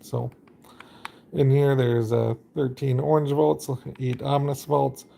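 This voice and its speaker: A man's voice: medium pitch, fairly even intonation, a little slow, gravelly, warm tone, a little hiss or hum. A man casually narrating his game during a live stream, rambling and chatty with lots of fillers.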